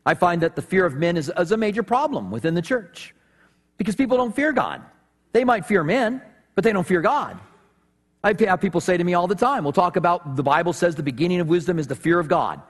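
Male pastor, high voice, animated storytelling sermon, long hall reverb. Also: fairly quick. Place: church sanctuary.

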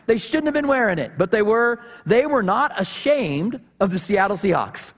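High-voiced male pastor in a reverberant hall. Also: normal speed. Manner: animated, humorous storytelling. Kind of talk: sermon. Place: church sanctuary. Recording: long reverb of a church hall.

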